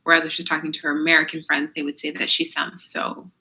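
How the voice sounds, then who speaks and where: A woman's voice: deep voice, monotone, quick pace, gravelly, bright, forceful tone, low-quality recording. A woman co-hosting a podcast in casual chat, rambling with lots of fillers. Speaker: podcast co-host.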